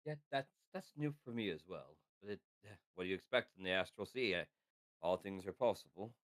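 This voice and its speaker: A man playing a tabletop game over a call, speaking in a relaxed way. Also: sits low, brisk. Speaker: player. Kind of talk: casual play.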